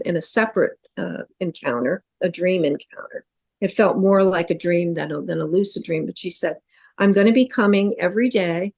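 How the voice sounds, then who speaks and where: A woman's voice: mid-range voice, a little mellow. A middle-aged woman with an ordinary, mid-range voice, telling a personal story in a casual podcast chat. She speaks earnestly and recounts events step by step, often quoting what was said. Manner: earnest, recounts a vivid dream with lots of quoted dialogue. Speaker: psychic medium and podcast co-host.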